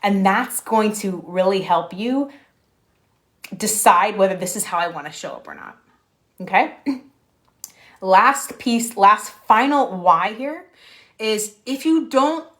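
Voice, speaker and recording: Woman, young adult, business coach, live stream, energetic, keeps checking in with listeners, average pitch. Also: takes it slowly, pauses often. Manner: energetic, repeats "right?", laughs. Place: home room.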